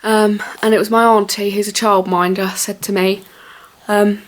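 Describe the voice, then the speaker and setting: A woman's voice: medium pitch, flat delivery, normal speed, a little hiss or hum. A young woman chatting casually to camera at home, rambling with lots of fillers. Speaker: vlogger.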